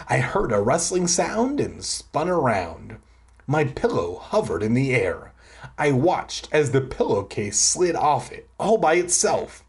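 Narrator reading a kids' book aloud: unhurried, lively pitch, sarcastic cussing asides. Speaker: reader. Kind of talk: audiobook reading with crude comic asides.

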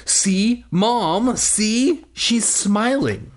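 A man's voice: fairly high pitch, lively intonation, slow. A man putting on a shrieking, furious young girl. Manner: shrieking, accusatory.

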